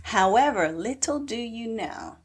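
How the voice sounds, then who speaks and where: A woman's voice: fairly high pitch, unhurried, husky. Chatty woman recapping a show. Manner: chatty, animated retelling with acted-out quotes. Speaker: podcast co-host. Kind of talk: casual chat recapping a TV show.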